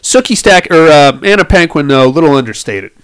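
A man's voice: fairly high pitch, animated, a little fast, clean tone. A young man casually recapping a movie on a podcast, joking crudely and laughing often. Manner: joking, laughs often, acts out quoted lines.

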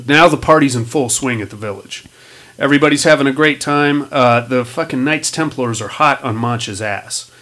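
At a moderate pace and medium pitch, a man hosting a podcast recaps a film in profane, offhand chat. He stays animated, cursing often and voicing quotes from the story.

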